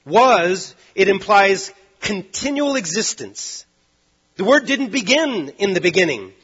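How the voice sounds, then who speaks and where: A man preaching a sermon, driving points home with loud stresses and then dropping to hushed, low lines. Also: big pitch swings, measured pace, slightly rough, highs cut off.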